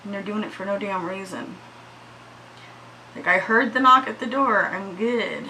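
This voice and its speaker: A woman's voice: medium pitch, unhurried, slight background noise, low-quality recording. A woman chatting casually through a makeup tutorial at home, shaky and anxious, swearing freely. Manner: chatty, swears freely, yells at her dogs. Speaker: beauty vlogger.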